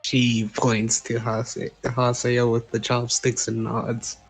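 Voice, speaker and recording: A player with a husky, slightly breathy voice narrates a character's actions in a tabletop game. The delivery is deadpan and casual, with faint music underneath. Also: medium pitch, takes it slowly.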